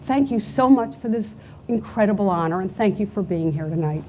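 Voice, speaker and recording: A woman's voice: medium pitch, animated, brisk, very noisy. A middle-aged woman with a Pennsylvania accent, giving an unscripted acceptance speech at a banquet, telling stories in a chatty way. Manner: chatty storytelling, acts out quotes. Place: banquet hall event.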